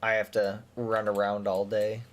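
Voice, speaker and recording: A man's voice: lowish voice, monotone, unhurried, dull audio. A man co-hosting a game stream, chatting in an easygoing way with dry jokes. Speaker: gaming streamer co-host. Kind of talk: casual chat while playing a game.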